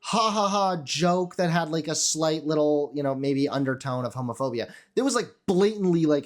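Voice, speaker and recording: Young male commentator, high light voice, casual and profane, mocking himself. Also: lively intonation, moderate pace, few pauses. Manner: sarcastic, profane, self-critical. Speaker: commentator reacting to his old video.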